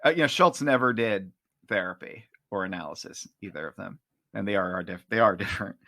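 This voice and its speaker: A man's voice: on the low side, brisk, dry recording, clean studio sound. Laughing man reading comic strips aloud. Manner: laughs often, animated when reading. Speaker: podcast co-host.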